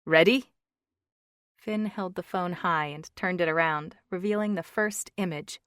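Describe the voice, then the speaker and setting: A woman narrating an audiobook in a measured manner, lightly voicing the characters, on a close studio mic. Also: fairly low pitch, fairly bright tone, smooth, no room sound. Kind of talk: scripted narration.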